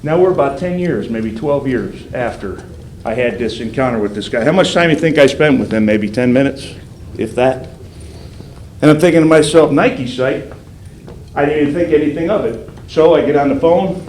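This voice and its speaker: A man's voice: mid-range voice, normal speed. An older man, a federal agent, telling a story to police recruits and acting out the voices he quotes. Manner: animated, acts out quoted voices. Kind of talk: storytelling speech. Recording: roomy hall sound, faint background noise.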